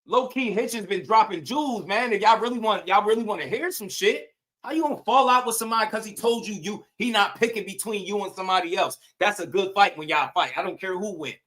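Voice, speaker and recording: A man with a high, bright voice rants in casual boxing commentary. He talks in loose slang, swears freely and fires off one rhetorical question after another. His tone stays heated and combative throughout. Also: quick pace.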